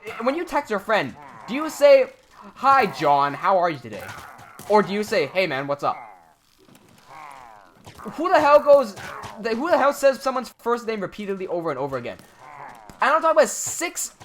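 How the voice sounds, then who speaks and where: A man's voice: very high-pitched, sing-song, fairly quick, a little hiss or hum. A man hosting a livestream and telling a story casually, emphatic and indignant, with his voice rising when he is outraged. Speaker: livestream host.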